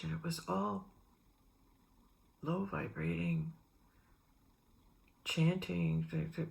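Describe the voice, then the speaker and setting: A middle-aged woman with a gravelly, fry-tinged voice sits low in her register as she rambles through spiritual musings. She drifts from one personal story to the next, acting out what others said along the way. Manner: meandering, animated re-enactments with quoted voices. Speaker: spiritual vlogger.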